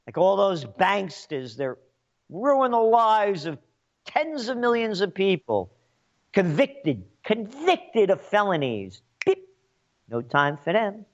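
A man's voice: high-pitched, big pitch swings, takes it slowly. A man giving an angry, sarcastic political rant, mocking and scornful as he talks. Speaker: political commentator. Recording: dull lo-fi recording.

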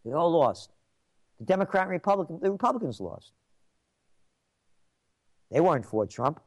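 A man's voice: fairly high pitch, very animated, normal speed. An older man hosting a trends commentary show, delivering an opinionated monologue with emphatic, repetitive declarations.

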